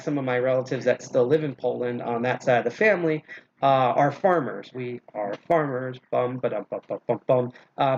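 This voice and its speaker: A man hosts a casual lockpicking demo stream, talking in a loose, rambling way with lots of "uh"s and wisecracks. His voice sits at an ordinary middle pitch for a man. The audio is dull and lo-fi, like a home livestream mic. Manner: rambling and jokey, with many filler sounds. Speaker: lockpicking host and instructor.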